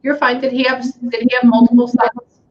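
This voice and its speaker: A young American woman working as a psychic medium, chatting casually and often pausing with "hang on" while she relays messages. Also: fairly high pitch, flat delivery, dull audio. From United States. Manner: chatty, keeps saying "hang on" and relaying what she hears. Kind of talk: casual reading session.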